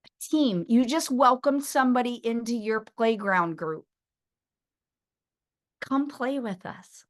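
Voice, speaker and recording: Brief: middle-aged woman, sales trainer, lively storyteller, slightly high voice. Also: slow. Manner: animated storytelling, acting out phone calls. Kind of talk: energetic training talk.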